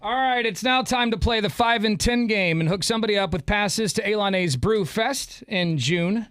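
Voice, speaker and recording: A man's voice: sits high, moderate pace, a bit bright, clear, resonant tone, no echo. A man hosting a morning radio show, running a call-in game with teasing, blunt banter into a studio mic. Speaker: radio host. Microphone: studio microphone.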